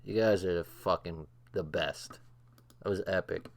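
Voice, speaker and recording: Hosting a livestream late at night, an older man reacts to a show with big laughs and plenty of profanity. His excitable voice sits low and creaky, and he takes his time.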